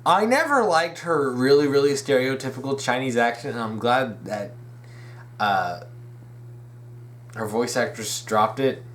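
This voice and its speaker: Here the young video essay host talks at a medium pitch, animated but a little slow, pausing often. He rambles through his fan commentary, restarting and correcting himself, full of eager opinions.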